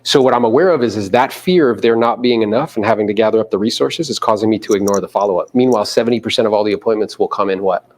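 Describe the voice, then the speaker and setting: A man coaching real estate agents in a live seminar, animated, acting out quotes and swearing casually. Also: fairly low pitch, very fast, hardly any pauses. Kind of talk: live seminar talk to an audience.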